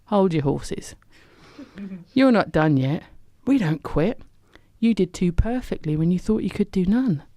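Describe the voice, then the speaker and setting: A woman's voice: lowish voice, lively intonation, unhurried, dark tone, no room sound. A woman voicing an encouraging male friend who hiccups and teases. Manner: coaxing, cheerful, teasing.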